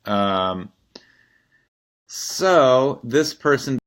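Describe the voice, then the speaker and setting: A male teacher giving a casual, wry recorded lecture, critiquing a student essay, often clearing his throat. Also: medium pitch, animated, extremely slow.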